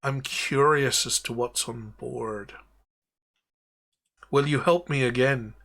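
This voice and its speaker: Bright-voiced guy running a tabletop game, slow and relaxed, fixes his own slips. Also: medium pitch, vocal fry. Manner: unhurried, stops to correct himself. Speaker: game master.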